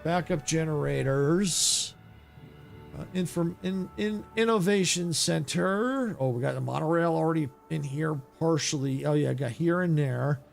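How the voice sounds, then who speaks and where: A man giving live gameplay commentary in a gravelly, slightly raised voice. He thinks aloud casually and gets excited about what he sees, with faint game music underneath. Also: on the high side, a little slow. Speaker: video game streamer.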